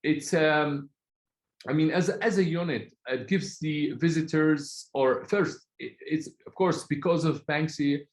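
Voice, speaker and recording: A man from Palestine, speaking as a guest in an online talk in an earnest, halting way, often searching for words. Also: on the high side, echoey room, low-quality recording.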